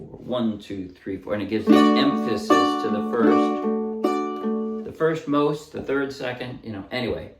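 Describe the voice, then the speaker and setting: Man, ukulele teacher, relaxed explaining, roomy echo, set back from the mic, loud ukulele behind. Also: lowish voice, distant mic. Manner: relaxed, explains while playing, sings short snippets. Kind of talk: casual music tutorial. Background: ukulele playing.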